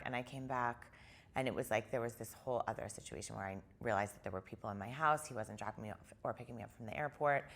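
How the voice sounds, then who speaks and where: A woman with a deep voice and a gravelly, vocal-fry edge, talking as a guest in a casual interview. She retells events in an animated way and fills her sentences with "like.". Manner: animated retelling, heavy use of "like".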